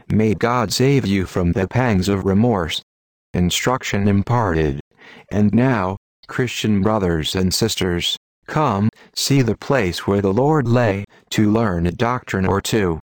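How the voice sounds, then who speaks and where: A man's voice: lowish voice, dry recording. A man delivering an old-fashioned sermon in a solemn, declamatory way. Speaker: preacher. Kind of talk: Victorian sermon reading.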